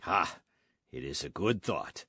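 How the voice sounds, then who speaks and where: A cruel governor gloats over his plan, as a man puts him on in an audiobook. He speaks low and satisfied, recorded dry and close. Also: lively intonation, slow pace, sharp tone, breathy edge, no echo, heavily acted. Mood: gloating. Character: cruel, smug colonial governor.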